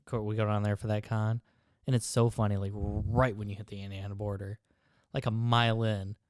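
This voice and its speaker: A man's voice: on the low side, little pitch movement, a little fast, no echo, studio quality. A man from Michigan with a Michigan accent, chatting casually on a podcast and cracking jokes. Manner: wisecracking, laughs easily. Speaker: podcast co-host. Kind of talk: casual chat. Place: studio.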